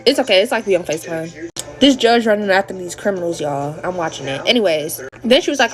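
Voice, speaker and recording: A teenage girl, chatting through a get-ready-with-me storytime on a phone camera in a slangy, animated way. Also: mid-range voice, quick pace, faint music behind. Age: teens. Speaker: TikTok creator. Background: TV playing.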